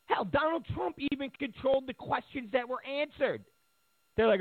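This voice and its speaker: A man's voice: very high-pitched, expressive, normal speed, dry recording. A man delivering a sarcastic, mocking political rant, acting out the voices he quotes. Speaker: political commentator. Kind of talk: ranting monologue. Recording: tinny phone-like line, dry.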